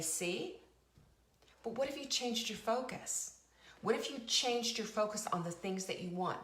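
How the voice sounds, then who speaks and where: A woman's voice: mid-range voice, reverberant. A middle-aged woman hosting a live motivational talk, emphatic and preachy, repeating phrases and asking her audience questions. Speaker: show host.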